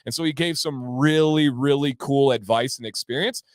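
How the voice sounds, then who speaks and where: A man's voice: mid-range voice, moderate pace, no echo, clean studio sound. A man hosting a casual livestream, talking enthusiastically and reading out viewers' names. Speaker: livestream host.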